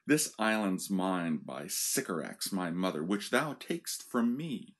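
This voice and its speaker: A man reading the part of a bitter, resentful male island native, reciting verse slowly and deliberately. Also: low-pitched, very animated, exaggerated voice.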